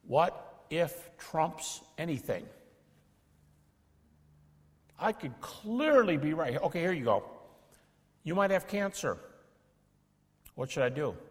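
Middle-aged male lecturer, animated, plays out dialogues, slightly high voice, hall echo. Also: measured pace, pauses often. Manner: animated, acts out dialogues with doubters. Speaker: speaker teaching apologetics. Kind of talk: lecture to an audience.

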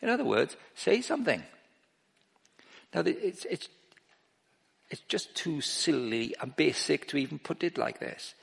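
A middle-aged man preaching an informal sermon, breaking off and restarting his sentences and growing animated as he tells stories. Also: on the high side, a little slow, gravelly, long pauses, slightly rough. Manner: informal, self-interrupting, grows animated while telling stories. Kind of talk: sermon with anecdotes. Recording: long reverb of a large hall.

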